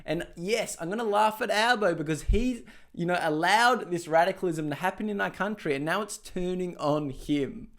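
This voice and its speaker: A man's voice: high voice, moderate pace, hardly any pauses, a bit bright. An Australian man ranting sarcastically in a reaction commentary vlog, laughing often and swearing, seated at home. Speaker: political commentator. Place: home dining room, seated.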